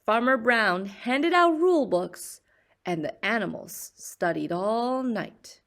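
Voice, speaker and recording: A woman reading a children's picture book aloud in a slow, expressive storyteller's voice. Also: fairly high pitch.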